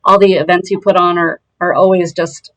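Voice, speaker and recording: A woman hosting an interview conversation, speaking warmly and affectionately. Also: fairly low pitch, level tone, moderate pace, no echo, rough recording. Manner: warm and affectionate. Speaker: host.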